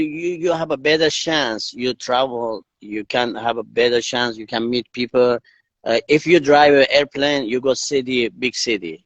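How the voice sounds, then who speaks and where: Speaking broken English with a Persian accent, the northern Iranian endurance athlete animatedly shares stories as a guest in a casual interview over a video call livestream. His voice is mid-range, and the muffled recording carries no room sound.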